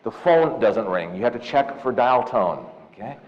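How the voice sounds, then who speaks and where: A man of about fifty from Southern California, giving a lively, jokey seminar talk and telling stories to loan officers, often calling them "you guys.". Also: medium pitch, moderate pace. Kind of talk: live seminar talk with personal storytelling. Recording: echoey hall, dull lo-fi sound.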